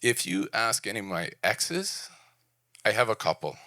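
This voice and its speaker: Speaking at a design event venue, this fortyish Prince Edward Island man gives a personal storytelling talk that's candid and self-deprecating, delivered in short punchy bursts. His fairly low voice swings widely in pitch at a moderate pace, with a sharp tone. There's no room sound, just clean studio audio.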